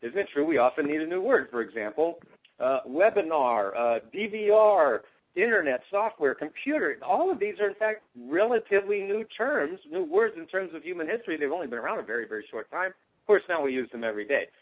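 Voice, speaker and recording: A man's voice: lively intonation, fairly quick, husky. A man coaching, explaining his ideas enthusiastically and emphatically over a call. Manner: enthusiastic, emphatic, jumps pitch on key words. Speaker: guest, self-help coach. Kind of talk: animated conversational explaining. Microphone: call line. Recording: dull lo-fi phone-call audio.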